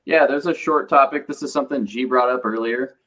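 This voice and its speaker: A man's voice: mid-range voice, brisk, crowd noise, rough recording. A man hosting a casual hockey podcast with friends, talking loosely with frequent hesitations. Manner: hesitant, many filler sounds and restarts. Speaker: podcast host. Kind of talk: casual chat.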